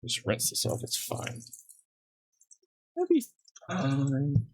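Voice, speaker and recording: A man's voice: medium pitch, wildly swooping pitch, takes it slowly, vocal fry, no room sound. A man livestreaming while he cooks at home, rambling casually and laughing at his own jokes. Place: home kitchen.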